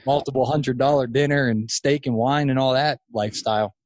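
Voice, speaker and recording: A man in his thirties, a podcast guest, telling a long story in casual chat, animated and rambling with restarts. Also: medium pitch, fairly quick, dry recording, clean studio sound. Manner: animated, acts out quoted voices, rambling restarts. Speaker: podcast guest, lawn care business owner.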